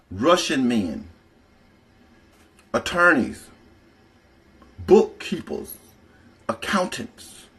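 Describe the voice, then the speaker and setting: A man with a slightly raised pitch tells stories casually on a livestream. He talks in a profane, rambling way and stops now and then to greet the people in his chat. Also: a bit bright. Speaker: livestream storyteller.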